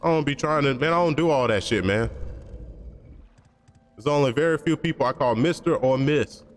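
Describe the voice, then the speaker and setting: A man's voice: mid-range voice, moderate pace, soft background music. Blunt, rambling man streamer in reverb. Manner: blunt, opinionated, rambling with slang and profanity. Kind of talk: casual stream chat.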